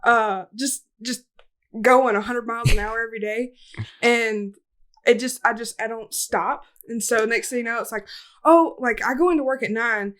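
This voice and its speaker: A woman's voice: on the high side, moderate pace, fairly bright tone. A woman co-hosting a podcast in casual chat, rambling through stories and laughing often as she talks. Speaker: podcast co-host.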